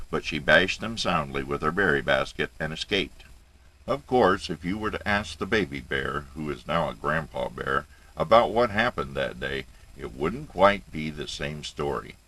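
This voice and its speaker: An older man tells a children's story in a low voice that rises and falls with lively expression. His tone is bright and clear, and he reads playfully, tossing in little asides. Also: poor audio. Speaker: storyteller grandfather. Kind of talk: storybook reading aloud.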